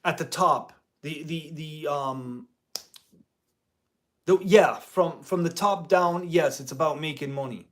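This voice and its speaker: A man's voice: fairly high pitch, takes it slowly. A man hosting a guitar channel, talking casually and indignantly to the camera in a rambling way as a part-time music teacher.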